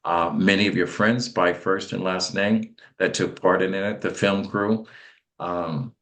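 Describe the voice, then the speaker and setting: A male interview host with a very deep voice. He talks in an emphatic, chatty way and stammers into repeats as he sets up questions. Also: steady tone, measured pace, a bit bright.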